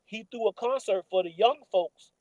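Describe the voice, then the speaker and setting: A man in his forties with a fairly high, mellow voice, recounting a personal story as a football coach on a sports talk show. He speaks casually, often pausing on "uh" and restarting his sentences. The sound is close and dry. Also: dry recording, highs cut off. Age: 40s. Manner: conversational, many filler "uh"s and restarts.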